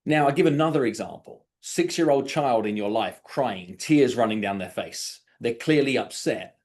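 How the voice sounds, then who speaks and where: A man teaching an online coaching session, talking at an even middle pitch. He acts out little scripted exchanges as he goes, and his voice comes over a video-call microphone. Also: normal speed. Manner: animated, acts out sample dialogues. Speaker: sales coach.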